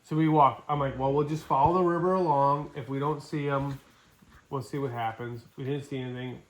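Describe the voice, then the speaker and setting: A middle-aged man from Wisconsin telling a hunting story in casual, animated talk. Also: medium pitch, brisk. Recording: echoey room.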